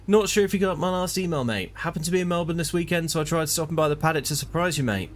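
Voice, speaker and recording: Streamer putting on a pushy chummy ex-liaison, raised voice, mate every line. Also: male voice, on the high side, quick pace, a little hiss or hum, pitched above the performer's own voice, natural voice. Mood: overfamiliar. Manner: tacks mate onto every phrase. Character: chummy overfamiliar male ex-team liaison. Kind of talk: comic reading of an email.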